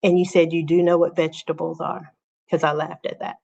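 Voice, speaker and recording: A woman's voice: lowish voice, flat delivery, brisk, gravelly, darkish tone. A woman hosting her own livestream from home, chatting casually and directly with her viewers. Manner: chatty, talks straight to viewers as "y'all". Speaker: channel host. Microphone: phone or webcam on a livestream. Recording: dull, lo-fi livestream audio.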